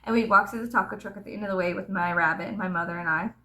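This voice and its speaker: A woman's voice: mid-range voice, fairly even intonation, rapid-fire, sharp tone, slight background noise. A young woman vlogger telling rambling childhood stories to the camera, swearing freely and laughing as she talks. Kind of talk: casual storytelling to camera.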